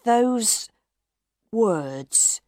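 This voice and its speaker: A woman reading the part of a calm, careful man who co-runs an opera house. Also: on the high side, dry recording, clean studio sound. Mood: wary. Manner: measured, careful. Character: cautious, calm male opera director.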